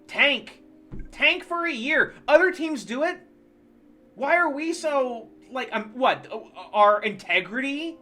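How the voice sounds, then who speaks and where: A streamer ranting casually and profanely about football while playing a baseball management game. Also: medium pitch. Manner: animated, profane sports ranting.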